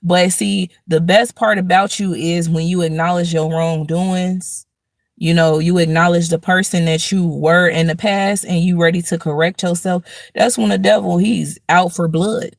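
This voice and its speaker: A woman's voice: lowish voice, fairly even intonation, normal speed, vocal fry, dry recording. A woman hosting a casual spiritual talk, telling everyday stories in a preachy way and acting out angry rants. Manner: preachy, storytelling with acted-out rants. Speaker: host.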